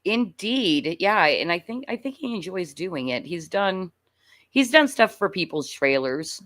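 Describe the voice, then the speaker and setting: A friendly woman co-hosting a stream, with a very low voice for a woman. Her sound is dry and close, with no room around it. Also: big pitch swings, measured pace, a bit bright, dry recording. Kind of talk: casual chat.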